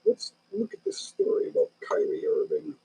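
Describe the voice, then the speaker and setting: A man's voice: low voice, huge pitch swings, normal speed, vocal fry, dark tone, husky, low-quality recording. A man in his sixties hosting a casual live stream from home, rambling loosely through stories with many restarts. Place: home in the Philippines.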